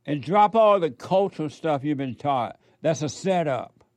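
A man's voice: on the high side, lively intonation, a little slow, dry recording. A man hosting a call-in radio show, blunt and direct with his callers. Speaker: radio talk show host.

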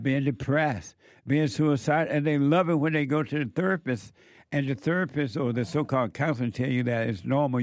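Man, spiritual counselor, informal preaching, emphatic repetition, mid-pitched voice, dry room. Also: darkish tone, dry recording. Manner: emphatic, repeats words for stress.

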